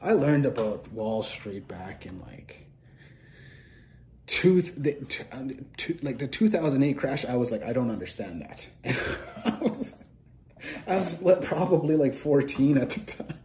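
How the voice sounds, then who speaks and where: A man's voice: medium pitch, expressive, a little slow, a little mellow, a little hiss or hum. A young man hosting a solo show, rambling and profane in a scattered, stream-of-consciousness way. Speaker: podcast host.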